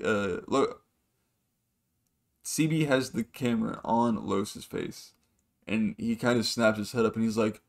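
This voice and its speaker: A man hosting a podcast, telling a long story in a rambling, profane way and acting out other people's lines. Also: lowish voice. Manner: rambling, profane, acts out quotes with shifting voices. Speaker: podcast host. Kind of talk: casual storytelling monologue.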